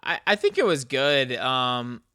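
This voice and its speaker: A man chatting casually about anime on a podcast, rambling and animated and laughing often. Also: mid-range voice, unhurried, clear, resonant tone, dry recording, studio quality. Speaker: podcast co-host.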